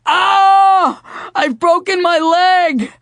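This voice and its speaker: A man voicing a young man who loudly fakes an injury with overacted wails. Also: extremely high pitch, very slow, vocal fry, no room sound, voice pushed up, exaggerated voice. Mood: wailing. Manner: overacted wailing cries.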